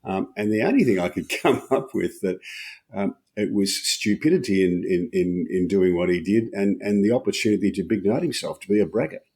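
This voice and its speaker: A man co-hosting a podcast, speaking about politics in a measured, cautious way. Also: sits low, animated, a little mellow. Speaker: podcast co-host. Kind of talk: casual political chat.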